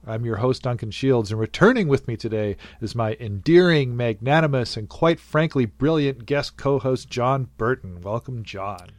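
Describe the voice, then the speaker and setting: A man hosting a podcast in casual chat, animated and jokey, often laughing. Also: medium pitch, normal speed, hardly any pauses, no echo. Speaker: podcast host.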